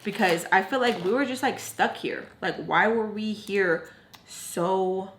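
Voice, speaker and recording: A woman's voice: mid-range voice, a little slow, fairly bright tone. A young woman telling a story in a casual, candid way, with lots of fillers and free swearing. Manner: candid, chatty, swears freely, many fillers. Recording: roomy echo.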